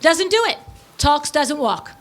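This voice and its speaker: A middle-aged woman with a high voice tells a story in a casual, animated way. She is blunt and breezy and throws in quick asides as she goes. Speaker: podcast host and business owner.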